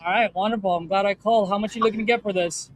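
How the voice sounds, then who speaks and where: Host vlogger, man, high voice, wired and jittery, smooth persuasive sales patter. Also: fairly even intonation, slight background noise, rough recording. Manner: jittery, fast and wired from espresso; friendly, persuasive sales pitch. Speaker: real estate wholesaler cold-calling sellers. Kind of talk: casual vlog and sales call.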